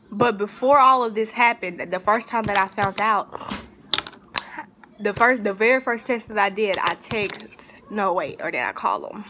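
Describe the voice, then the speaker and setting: A young woman vlogger with a mid-range, slightly bright voice tells a personal story. She rambles casually, using lots of fillers and restarts, and there's a faint hiss behind her.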